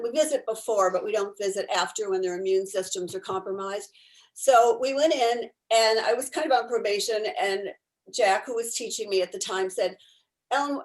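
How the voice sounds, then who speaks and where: A woman's voice: medium pitch, low-quality recording. A woman volunteer chatting animatedly on a video call, telling stories about her therapy dogs and laughing often. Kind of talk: casual storytelling on a video call.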